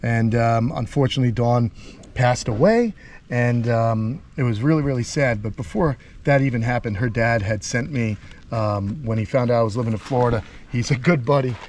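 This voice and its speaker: A middle-aged man from Long Island hosting a casual vlog outdoors by a tortoise enclosure, rambling and excitable with lots of fillers. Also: medium pitch, moderate pace, a little hiss or hum. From Long Island, New York. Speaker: host, tortoise keeper.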